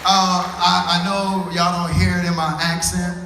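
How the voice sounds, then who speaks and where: Thirtysomething guy from new orleans doing standup, kinda high voice, far off mic in a big echoey room. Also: measured pace, some chatter behind. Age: 30s. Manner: loose, animated storytelling with slangy punchlines. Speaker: stand-up comedian. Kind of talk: stand-up comedy set. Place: comedy club stage with a live audience. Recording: roomy, distant club recording with audience noise.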